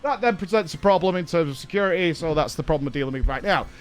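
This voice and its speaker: A man streaming, telling a story in a casual, animated way, swearing and laughing along. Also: a little high, quick pace, smooth.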